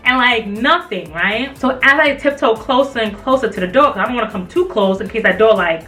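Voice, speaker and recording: Bright, animated young woman telling a story. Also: a little high, fairly quick. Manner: animated, acts out quoted voices, many filler likes. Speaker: vlogger. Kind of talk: casual storytelling. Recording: voice a bit far from the mic, faint music behind.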